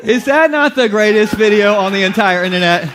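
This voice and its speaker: A man's voice: sits high, expressive, fairly quick, crowd noise, background noise. A man preaching as a pastor to his congregation, in a playful joking way, often laughing. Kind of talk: humorous sermon. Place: church basement before a congregation.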